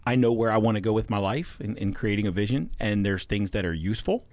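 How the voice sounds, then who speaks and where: A man's voice: fairly low pitch, fast talker, a little mellow, no room sound. A man speaking as a podcast guest, earnestly explaining his ideas step by step. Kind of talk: casual chat.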